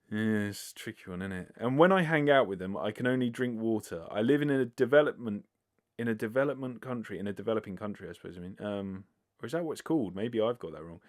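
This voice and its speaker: Rambling British man, lowish voice. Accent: British English. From Britain. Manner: rambling, self-deprecating, swears casually, lots of fillers. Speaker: podcast host. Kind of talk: casual solo podcast answering listener questions.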